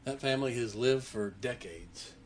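An older man with a drawl preaches to his congregation. He spins folksy, laughing stories, and his voice sits at an ordinary middle pitch. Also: moderate pace, a little hiss or hum. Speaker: pastor. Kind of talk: sermon.

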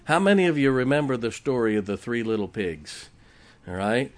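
Male pastor, joking storyteller mid-sermon in a church, middle pitch. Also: big pitch swings, moderate pace. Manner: folksy, joking storyteller preaching to a congregation. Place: church sanctuary.

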